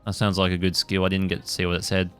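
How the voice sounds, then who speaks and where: A man giving let's play commentary with a somewhat low, smooth voice. He talks casually and rambles, full of fillers and occasional swearing. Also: monotone, quick pace, fairly bright tone, faint music behind. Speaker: gaming channel host.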